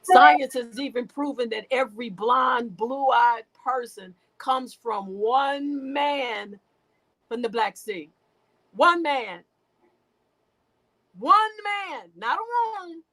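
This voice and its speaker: A woman's voice: on the high side, lively intonation, slow pace, rough recording. A woman guest speaking in an emotional, preachy way, often repeating and restarting her words. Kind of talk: impassioned spiritual talk.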